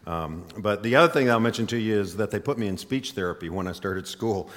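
A man's voice: fairly low pitch, animated, fairly quick, a bit bright. Folksy preacher man in an echoey church. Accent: faint Southern US. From Mississippi. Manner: folksy, chatty, with frequent "uh" fillers. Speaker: guest preacher. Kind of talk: sermon. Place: church sanctuary.

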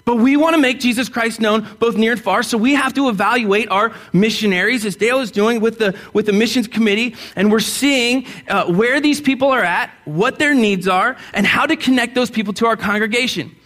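Brisk and barely pausing, this pastor speaks in a very high-pitched, fairly bright voice. He preaches to his church in a frank, conversational way, cracking jokes and getting the congregation to call out answers.

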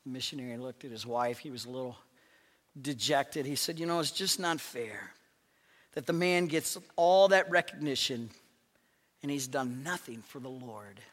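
A male pastor preaching a sermon, swinging from loud proclamations to hushed, near-whispered lines. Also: mid-range voice, normal speed, big-room sound.

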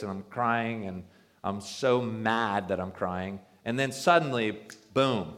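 A man's voice: on the low side, unhurried, a bit bright. Joking conversational male pastor. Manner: conversational, joking, acts out quoted voices. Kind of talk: sermon.

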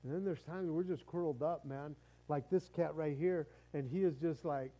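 High-voiced, mellow-toned preaching man. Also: normal speed, highs cut off. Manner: conversational preaching with frequent stammered restarts. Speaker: pastor. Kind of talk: sermon.

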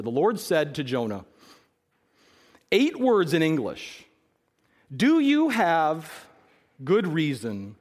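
A male pastor delivers a sermon in a high voice. His delivery is emphatic, and he repeats key phrases to drive them home. His pitch leaps and falls widely as he presses each point.

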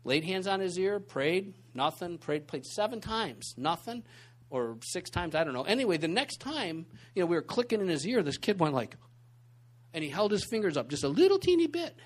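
A man teaching a church group in an informal sermon, telling stories in a conversational, animated way full of asides. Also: high-pitched, moderate pace. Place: church meeting room.

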